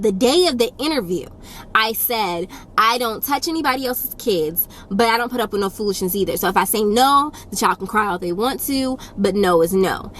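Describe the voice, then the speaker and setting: A woman's voice: mid-range voice, a bit bright. A young woman tells a casual storytime to her camera in a blunt, no-nonsense, sassy way. She hammers her points home by repeating them. A faint hiss sits under her close-miked voice. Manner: blunt, firm and sassy, with emphatic repetition. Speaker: YouTube storyteller.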